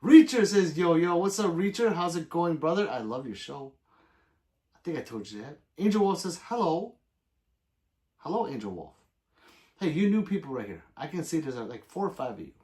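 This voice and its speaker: A man's voice: fairly high pitch, sing-song, normal speed, pauses often, darkish tone. A man hosting a livestream, reading viewer comments aloud in loose, profane casual chat and plugging subscriptions. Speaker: livestream host.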